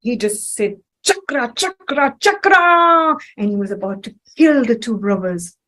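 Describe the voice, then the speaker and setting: A woman's voice: medium pitch, moderate pace, low-quality recording. A woman animatedly telling a devotional story to a child, asking her questions as she goes. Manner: animated, questioning, acts out voices.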